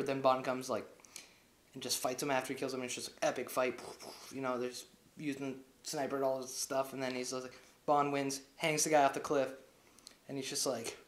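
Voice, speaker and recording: A man's voice: medium pitch, little pitch movement, moderate pace. A young man casually recapping a movie plot, rambling and full of filler words. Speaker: movie reviewer. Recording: echoey room.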